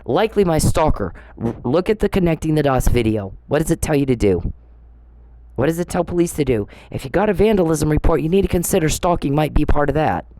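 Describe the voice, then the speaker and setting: A woman's voice: deep voice, lively intonation, brisk, dark tone, no echo. A middle-aged woman giving an angry monologue to camera, confrontational and sarcastic, swearing and firing off rhetorical questions. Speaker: vlogger.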